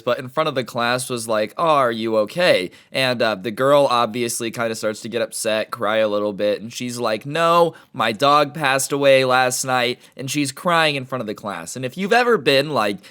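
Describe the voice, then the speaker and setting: A man's voice: mid-range voice, sharp tone. A young man hosting a casual storytime vlog, chatty and slangy. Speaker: YouTuber storytime host.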